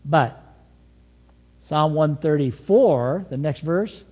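Male pastor, sermon, high lively voice, long hall reverb. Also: slow, husky. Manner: animated, storytelling, swings between soft and emphatic.

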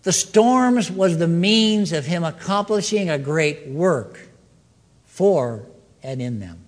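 An animated male preacher whose pitch leaps high and sinks low as he preaches. His voice sits a little high for a man and rings out with a long hall reverb. He swings from loud, excited lines to hushed, slow ones. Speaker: pastor. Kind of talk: sermon.

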